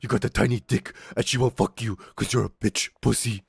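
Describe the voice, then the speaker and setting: Guy putting on a loud crude schoolboy bully, jeering, dry close sound. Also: mid-range voice, steady tone, a little fast, vocal fry, husky, no echo. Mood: taunting. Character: brash schoolboy bully, crude and hot-tempered.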